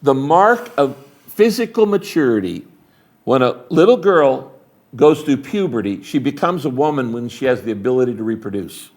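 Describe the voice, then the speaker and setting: A man's voice: medium pitch, moderate pace. Emphatic older man preaching in conversation. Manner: emphatic, animated storytelling with acted dialogue. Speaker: retiring megachurch pastor, interview guest.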